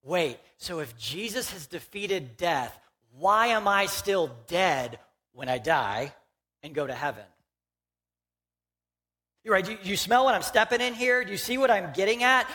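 A man's voice: high voice, expressive, a little slow, pushed and bright. A young man from Houston, Texas, giving a conversational, joking sermon as a pastor in a church and talking directly to the congregation.

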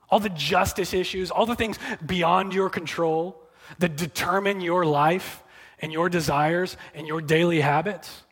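A man's voice: high voice, a bit bright, husky, in a large hall. A man preaching a sermon in a conversational, emphatic way, often repeating words as he starts a phrase.

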